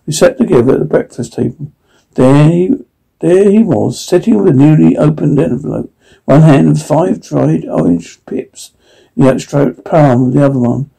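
A man reading a classic story aloud in the first person, with frequent halting restarts. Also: a little high, gravelly, dark tone, husky, rough recording. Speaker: audiobook reader.

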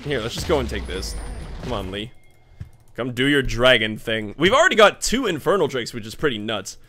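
A man giving live commentary over his own gameplay, swinging between muttering and yelling, swearing and laughing as things go wrong. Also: medium pitch, big pitch swings, fairly quick. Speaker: gaming YouTuber.

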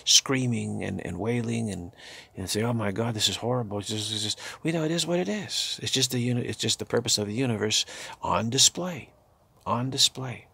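An older man giving a halting, repetitive spiritual talk, slipping into soft murmured chanted phrases. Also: medium pitch, expressive, vocal fry, slightly rough. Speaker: spiritual teacher.

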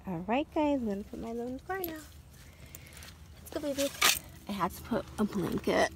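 A woman's voice: fairly high pitch, moderate pace, long pauses, background noise. A woman chatting casually to camera in a vlog, gushing over her dog, recorded on a phone in a car and outside. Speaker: vlogger. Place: in a car and outdoors.

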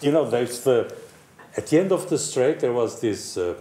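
A man's voice: medium pitch, animated, moderate pace, warm tone. An older man telling a racing story to friends on a panel, acting out voices and crash noises and laughing often. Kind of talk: casual anecdote among friends. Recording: roomy echo with faint background hiss.

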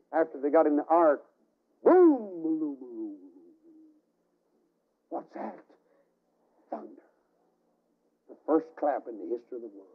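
A man preaching a fiery revival sermon, telling the story dramatically with sudden shouts and hushed asides. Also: fairly high pitch. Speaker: evangelist. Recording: tinny archival radio broadcast.

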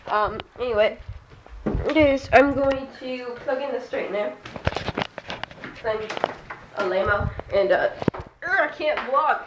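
A woman's voice: a little high, takes it slowly, pauses often, lo-fi sound. A teenage girl rambling and giggling through a casual home vlog, self-deprecating and chatty. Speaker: vlogger. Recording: noisy old home video camera.

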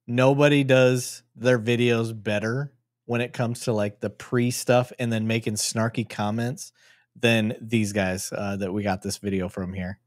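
A man's voice: mid-range voice, little pitch movement, a little slow, dry recording, studio quality. A man hosting a live stream and commenting casually on video footage, joking and swearing freely. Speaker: host.

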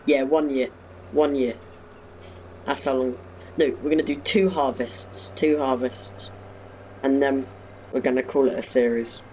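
A man's voice: medium pitch, fairly even intonation, a little slow, pauses often, a little mellow, muffled recording, a little hiss or hum. A young man giving casual commentary while playing a farming game at home, chatting to viewers with self-mocking asides. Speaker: gaming YouTuber. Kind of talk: casual let's-play commentary. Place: home bedroom.

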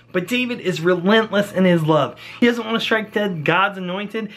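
A young man retells a Bible story for children in a bright, high voice. He is animated and jokey, speaking directly to the kids as their teacher. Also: moderate pace, hardly any pauses. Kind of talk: kids' Bible lesson, playful retelling.

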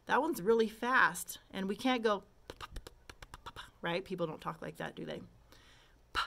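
A woman's voice: fairly low pitch, vocal fry. A woman teaching kindergarteners phonics, patiently modeling and stretching letter sounds and asking simple questions. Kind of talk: slow, patient phonics lesson for young children.

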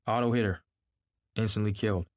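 A man voicing a weary motorcycle policeman who speaks slowly and matter-of-factly. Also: on the low side, fairly even intonation, no room sound, clean studio sound, natural voice.

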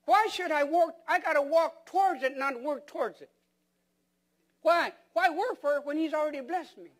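A man with a notably high voice delivers a sermon as pastor. He keeps asking the congregation questions and repeats words and restarts phrases to drive each point home. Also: normal speed. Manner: emphatic preaching with rhetorical questions to the congregation.

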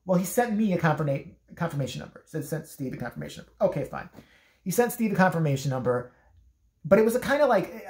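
Woman, casual storytelling vlogger, quick, low-pitched, very expressive, profane. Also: reverberant. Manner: profane, animated, acts out both sides of calls.

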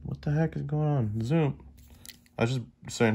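A man's voice: medium pitch, brisk, darkish tone, slightly rough. Chatty man marveling over coins. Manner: chatty, easily amazed, talks to viewers directly. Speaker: coin collecting vlogger. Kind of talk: casual unboxing chat to viewers.

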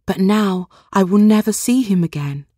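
A woman's voice: medium pitch, normal speed, warm tone, breathy edge, dry recording, clean studio sound, pitched above the performer's own voice, close to an everyday voice. A woman doing an earnest young mermaid. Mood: longing. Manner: pleading, earnest. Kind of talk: storybook read-along.

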